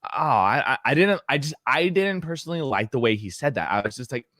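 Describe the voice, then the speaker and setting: A man's voice: mid-range voice, animated, brisk, fairly bright tone, dry recording. A man talks in a casual, rambling way, his voice sitting in a middle register and recorded dry and close. He swears freely and gets worked up as he goes, like a podcaster venting to his co-host. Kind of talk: casual chat.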